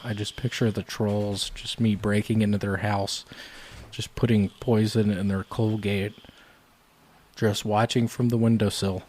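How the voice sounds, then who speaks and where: A man co-hosting a comedy podcast, delivering absurd jokes in a deadpan way. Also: lowish voice. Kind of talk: casual podcast banter.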